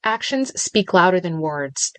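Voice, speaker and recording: A woman voicing a controlled female ex-Navy SEAL, speaking low, even and direct. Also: measured pace, clear, resonant tone, dry recording. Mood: cold, level.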